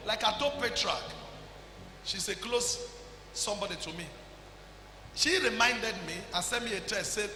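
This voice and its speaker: A man with a Nigerian accent preaching a sermon as pastor, calling people forward and shouting at the peaks. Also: high voice, fairly quick, roomy sound, big-room sound, a little hiss or hum.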